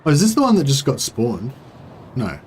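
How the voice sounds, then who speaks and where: A man hosting a let's play, commenting casually and thinking out loud as he goes. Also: medium pitch, huge pitch swings, moderate pace, slight background noise. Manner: casual, rambling, thinking aloud. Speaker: gaming channel host.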